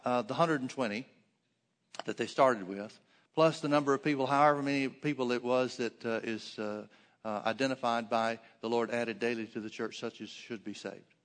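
A man's voice: mid-range voice, steady tone, normal speed, big-room sound. Guy preaching a bible study sermon, regular mid voice, lots of uh and restarts. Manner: reads scripture aloud, then explains it plainly with frequent restarts and fillers.

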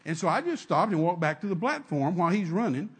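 A man's voice: sits high, big pitch swings, quick pace, a little hiss or hum. A male preacher telling a sermon story, emphatic and repetitive, with many restarts.

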